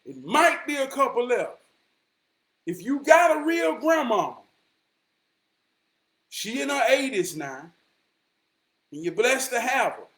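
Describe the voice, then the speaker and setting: High-voiced man preaching hard. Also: very animated, slow pace, long pauses. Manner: emphatic and preachy, swinging from shouts to hushed tones; repeats lines for emphasis, street slang. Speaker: motivational vlogger. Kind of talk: motivational straight talk.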